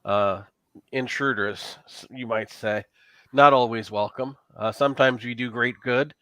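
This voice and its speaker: A cryptic talking cat that guides travellers through a dream world, as a game master voices it. It speaks in calm, solemn pronouncements, with a bright, forceful tone and a dry close sound. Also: male voice, mid-range voice, a little slow, no echo.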